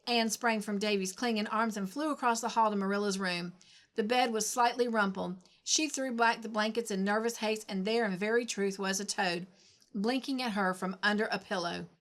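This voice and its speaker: A woman who runs a storybook channel, reading a classic novel aloud in a measured, expressive way. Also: mid-range voice. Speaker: storybook reader.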